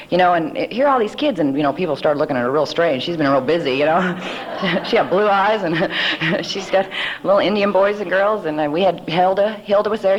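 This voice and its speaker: A woman from the States speaks at a recovery meeting in a fairly low voice. She tells her life story in a chatty, rambling way, full of asides and light laughs. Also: lo-fi sound. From United States. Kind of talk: personal recovery talk. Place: live meeting hall.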